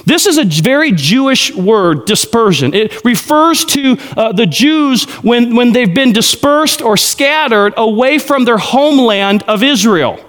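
A male pastor giving a lively verse-by-verse Bible teaching, with joking asides and frequent "okay?" check-ins to the crowd. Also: very high-pitched, measured pace, few pauses. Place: large church hall. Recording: long hall reverb.

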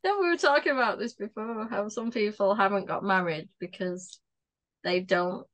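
A woman's voice: medium pitch, moderate pace, a bit bright. A woman co-hosting a podcast in casual chat, jokey and laughing often. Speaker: podcast co-host.

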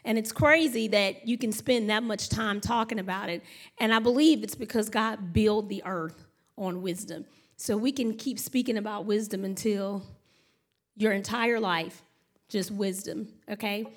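A woman's voice: mid-range voice, a little slow. A woman, preaching a sermon in a chatty storytelling way and talking to the congregation as y'all and honey. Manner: chatty, animated storytelling with laughs and acted-out noises. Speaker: pastor.

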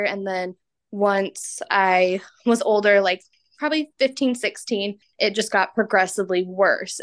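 A woman in her twenties, a podcast guest telling personal stories in a chatty, self-mocking way and laughing often. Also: medium pitch. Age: 20s. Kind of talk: candid personal storytelling.

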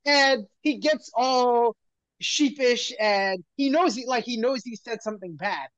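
A man's voice: very high-pitched, measured pace, fairly bright tone, dry recording. A man co-hosting a podcast, telling a story in casual chat with lots of laughter and restarts. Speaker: podcast co-host. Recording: dry, slightly muffled lo-fi audio.

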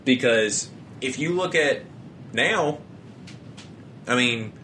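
A man's voice: mid-range voice, lively intonation, slow pace, pushed and bright, a little hiss or hum. A young man co-hosting a podcast, rambling casually with frequent restarts and a lot of swearing. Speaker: podcast co-host.

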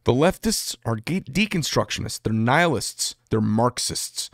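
Man, angry solo rant, blunt, swears a lot, sarcastic asides, mid pitch, dry close sound. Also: animated, unhurried, vocal fry, no room sound. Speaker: vlogger.

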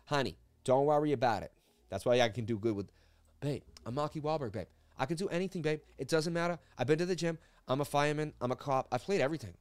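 A man's voice: fairly high pitch, fast, close to an everyday voice. A man putting on a boastful male movie star with a Boston accent, swaggering and calling the listener babe over and over. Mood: cocky bragging.

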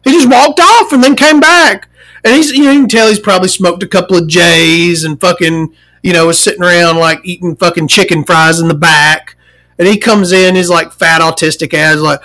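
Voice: medium pitch, fairly quick, pushed and bright, poor audio. A forty-year-old vlogger telling an angry, profanity-laced story and mimicking the people in it. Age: 40s.

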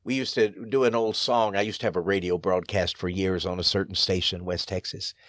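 A man's voice: deep voice, steady tone, brisk, a bit bright, no echo, clean studio sound. A man, a pastor, telling stories in an interview in an earnest, emphatic way, his voice rising sharply on key phrases. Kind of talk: storytelling interview.

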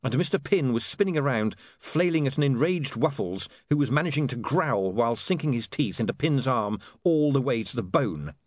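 Male audiobook narrator, lively pitch, expressive storytelling, dry close mic. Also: normal speed, few pauses, dry recording.

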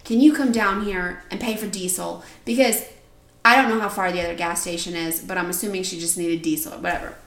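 A woman co-hosting a casual podcast, telling stories with animated retellings. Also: fairly low pitch, a little fast. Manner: animated storyteller, acts out quoted people loudly. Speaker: podcast co-host. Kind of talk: casual chat, storytelling. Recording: echoey room.

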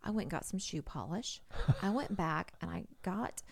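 Gravelly, lively middle-aged woman storyteller. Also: lowish voice, normal speed. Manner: animated, acts out quoted voices. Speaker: podcast guest. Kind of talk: casual storytelling.

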